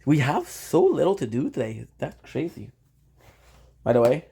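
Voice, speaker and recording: A man's voice: mid-range voice, wildly swooping pitch, normal speed, gravelly, dark tone, breathy edge. A man live-streaming, rambling playfully and talking straight to his viewers. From Canada. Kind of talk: casual live-stream chat.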